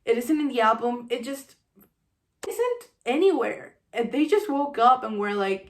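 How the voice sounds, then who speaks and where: A woman giving an animated, sarcastic book review, acting out the scenes she criticizes. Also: high voice, moderate pace, slight background noise.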